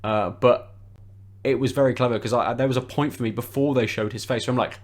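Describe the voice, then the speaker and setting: Male podcast co-host with a mid-pitched voice, hesitant and thinking aloud. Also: steady tone, quick pace. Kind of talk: casual chat.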